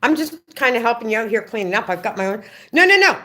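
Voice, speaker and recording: A woman's voice: on the high side, quick pace. A middle-aged woman ranting on a livestream, swearing freely as she tells a long story and acts out the other people's lines. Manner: profane, animated storytelling with acted-out quotes. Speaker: livestream vlogger.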